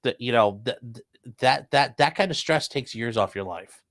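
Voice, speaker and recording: A man's voice: medium pitch, expressive, normal speed, a bit bright, no echo. A man hosting a casual livestream chat, rambling and laid-back. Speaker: host.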